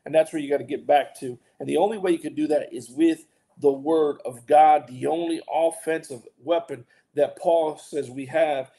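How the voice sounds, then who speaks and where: A man's voice: on the high side, steady tone, moderate pace, warm tone. A man co-hosting a casual Bible talk show as pastor, talking earnestly with lots of restarts and preacherly emphasis. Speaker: pastor and co-host.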